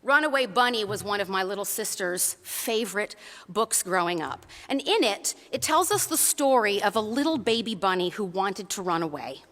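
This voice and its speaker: Woman preacher with a bright voice. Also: medium pitch, lively intonation, normal speed, long reverb tail. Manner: conversational, storytelling, asks the congregation questions. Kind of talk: sermon.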